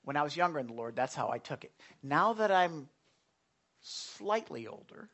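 A man's voice: a little high, big pitch swings, moderate pace, fairly bright tone. A male pastor of Italian background delivers a sermon in an earnest, conversational way. He often stumbles and restarts as he builds his points.

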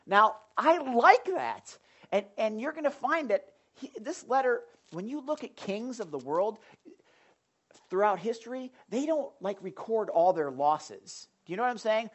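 A woman preaching a sermon in an animated, conversational way, full of emphatic asides to the congregation. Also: on the high side, measured pace, muffled recording.

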